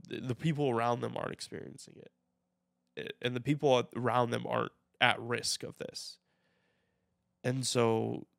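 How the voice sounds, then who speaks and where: A young man co-hosting a podcast, speaking in a reflective, halting way with frequent restarts. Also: medium pitch, gravelly, a bit bright, no echo, clean studio sound. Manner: reflective, halting with repeated starts. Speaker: podcast co-host. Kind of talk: casual chat.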